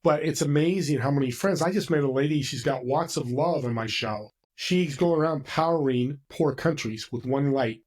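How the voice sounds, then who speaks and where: A man with a husky, slightly raised voice chats casually as a podcast guest. He tells his stories with energy and acts out the other voices in them. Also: a little high, moderate pace, hardly any pauses. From California. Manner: animated storyteller, acts out voices. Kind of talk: casual conversation.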